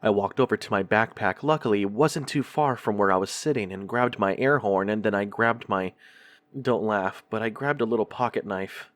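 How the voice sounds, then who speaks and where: A man hosting a horror podcast, reading a first-person scary story in a measured, drawn-out storytelling delivery. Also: fairly low pitch.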